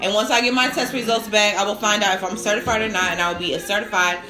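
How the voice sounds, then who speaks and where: A woman's voice: medium pitch, fairly even intonation, fast talker, roomy sound, music in the background, low-quality recording. A woman hosting a casual live stream, telling chatty stories full of "like" and bursts of laughter. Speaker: live-stream host and new lactation counselor.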